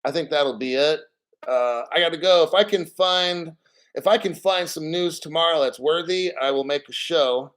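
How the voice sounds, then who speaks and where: A man's voice: fairly high pitch, moderate pace, a bit bright, rough recording. A man hosting a casual crypto stream, rambling bluntly and swearing freely. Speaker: crypto show host. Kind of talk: casual live-stream rant.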